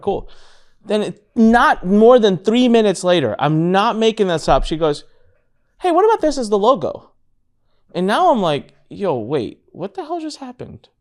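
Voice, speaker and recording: A man in his thirties hosting a casual business talk, telling a story with lively acted-out quotes. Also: a little high. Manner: animated storytelling, acts out quotes. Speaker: podcast host.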